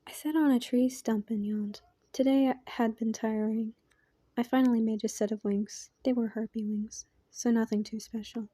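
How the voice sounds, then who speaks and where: A woman reading a fan story aloud in a quiet, soft-spoken voice that often drops into a half-whisper. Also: on the high side, fairly even intonation, normal speed, husky, no room sound. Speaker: fan fiction reader.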